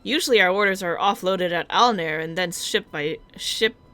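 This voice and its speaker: A woman's voice: lowish voice, normal speed, fairly bright tone, lightly acted. A woman voicing a polite, fretful alchemist in a game read-along, speaking in a courteous, formal way. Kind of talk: reading game dialogue aloud.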